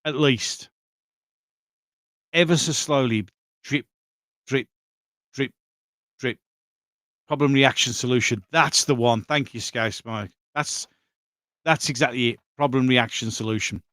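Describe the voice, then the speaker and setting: Guy doing a casual livestream, mid-pitch voice, reads out chat comments and replies, dry close sound. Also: measured pace, fairly bright tone, no room sound. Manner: talks straight to chat, reading out and answering viewer comments. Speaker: livestream host reading viewer chat. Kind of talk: casual live-stream commentary.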